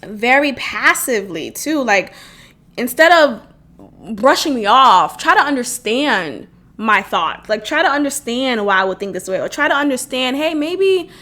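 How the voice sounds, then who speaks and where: A young woman talks through a personal story on her own podcast, her voice sitting a little high. She jumps into quoted voices and swears freely, keeping it loose and animated. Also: measured pace. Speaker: podcast host. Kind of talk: casual solo podcast talk.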